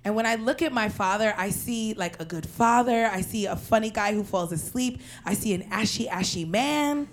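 A young woman from Queens telling a personal story in an animated, profane way, breaking into loud shouted quotes. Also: medium pitch, moderate pace, hardly any pauses, slight background noise. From Queens, New York.

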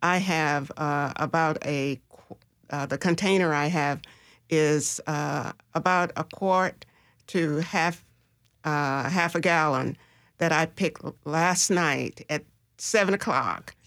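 A woman guest explaining gardening in a radio studio interview, speaking slowly and haltingly with many filler pauses. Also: low-pitched, fairly bright tone, dry recording.

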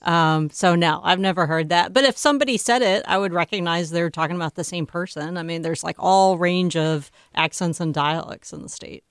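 A woman political journalist speaks on a radio panel in a wry, matter-of-fact way. Her voice is low and smooth, and the sound is dry. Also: fairly quick, hardly any pauses, dry recording. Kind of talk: radio news discussion.

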